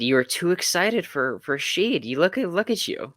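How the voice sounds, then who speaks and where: A man co-hosting a podcast, chatting casually about sports and acting out quotes in an animated way. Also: on the high side, normal speed, dry recording, clean studio sound. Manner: animated, acts out quotes with swearing. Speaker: podcast co-host. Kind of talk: casual sports debate chat.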